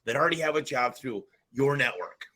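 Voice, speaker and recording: Punchy bright-voiced man in a roundtable. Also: mid-range voice, fairly quick, poor audio. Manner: animated, punchy, rising for emphasis. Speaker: home service business owner and podcast regular. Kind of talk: casual roundtable discussion.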